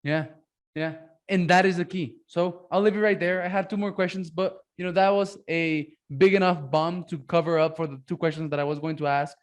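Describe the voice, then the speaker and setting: A man's voice: a little high, fairly even intonation, a little fast. A man hosting a podcast, talking in an enthusiastic, casual way with lots of repetition. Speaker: podcast host. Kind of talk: casual interview chat.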